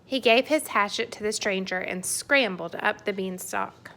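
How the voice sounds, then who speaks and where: A woman reading a children's storybook aloud with expressive, playful narration. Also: medium pitch, moderate pace.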